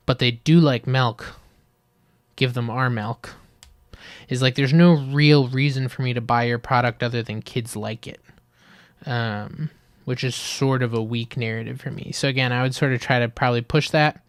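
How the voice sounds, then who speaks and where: A man giving a casual, rambling critique of an ad, full of fillers, who acts out little scenes in higher voices. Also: smooth, no room sound, clean studio sound. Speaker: video critic reviewing ads.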